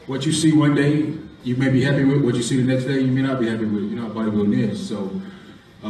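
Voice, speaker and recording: A man's voice: medium pitch, warm tone, a little hiss or hum. Easygoing male bodybuilder, echoey hall. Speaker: bodybuilding competitor. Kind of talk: press conference answers. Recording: echoey room recorded from far off.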